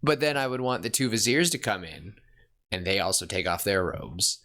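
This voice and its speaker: A man co-hosting a podcast, brainstorming a fantasy story in casual chat and excitedly acting out the characters' lines. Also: fairly low pitch. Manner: excited, acts out characters' lines in quick bursts. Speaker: podcast co-host.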